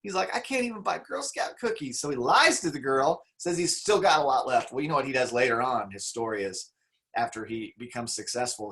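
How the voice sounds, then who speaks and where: A man's voice: medium pitch, a bit bright. A man leading a motivational talk on a video call. He speaks in a conversational, enthusiastic way and acts out the quotes he tells.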